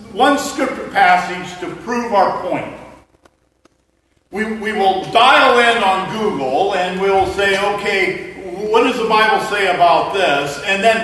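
Joking pastor in an echoey hall. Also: male voice, high voice, fairly bright tone, a little hiss or hum. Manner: conversational, joking preacher. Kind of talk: sermon. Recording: echoey hall mic from far off.

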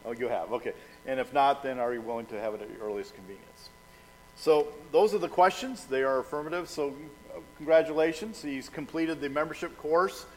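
A man's voice: mid-range voice, a little hiss or hum. An older man, a pastor, leading a church service with questions, a prayer and chatty announcements, in a folksy storytelling way. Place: church sanctuary. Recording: long hall reverb.

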